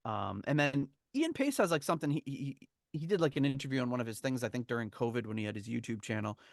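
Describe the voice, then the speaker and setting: A man's voice: medium pitch, lively intonation, fast, creaky, no echo, clean studio sound. A man hosting a podcast, reading from a memoir and telling the story in a rambling, chuckling way. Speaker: podcast host. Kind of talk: casual chat, reading from a memoir.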